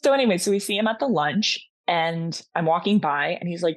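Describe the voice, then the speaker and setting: A woman's voice: on the low side, expressive, fairly quick. A woman from Massachusetts, a podcast guest, telling a story in casual chat and acting out the dialogue.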